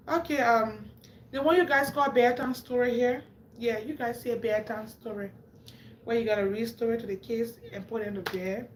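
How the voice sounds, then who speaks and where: A fairly high-voiced woman from Africa with an African English accent chats casually with her viewers on a live stream. Her voice rings around an echoey room, with a faint background hum. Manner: chatty, talks straight to viewers.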